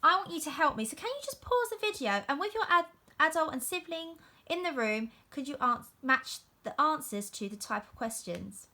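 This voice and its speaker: A woman teaching young children in a recorded reading lesson, her high voice bouncing up and down. She sounds bright and keeps up an encouraging, sing-song classroom manner. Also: sing-song, normal speed. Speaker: primary school teacher. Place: home.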